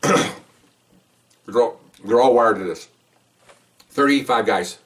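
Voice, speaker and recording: An older man, a retired police officer, telling stories in a casual, animated way, often checking in with "okay?" and restarting his sentences. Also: mid-range voice, slow, recorded from a distance. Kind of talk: casual anecdotal storytelling.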